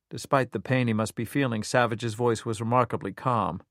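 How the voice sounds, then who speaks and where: A man narrating a crime thriller with steady, measured storytelling. His voice sits at a middle pitch, and the recording is dry and close, with no room echo. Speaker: audiobook narrator. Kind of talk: scripted narration.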